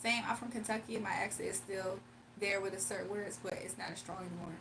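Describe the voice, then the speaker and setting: A woman's voice: mid-range voice, fairly even intonation, fast, creaky, a bit bright, recorded from a distance, slight background noise, poor audio. A young woman with a Southern accent, chatting casually on a livestream as she reads out comments and laughs often. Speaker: livestreamer and spiritual reader. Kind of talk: casual livestream chat, reading comments aloud. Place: home room.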